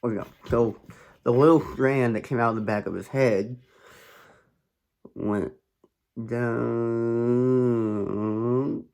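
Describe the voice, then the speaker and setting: A man's voice: mid-range voice, moderate pace, darkish tone. A man casually telling a story, rambling with frequent fillers and side comments. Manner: rambling, with many fillers and asides.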